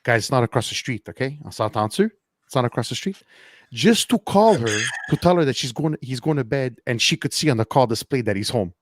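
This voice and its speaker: A man co-hosting a casual podcast, telling stories in an animated way, repeating words and laughing often. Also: mid-range voice, a little fast. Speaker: podcast co-host. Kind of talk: casual podcast chat, storytelling. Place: Montreal.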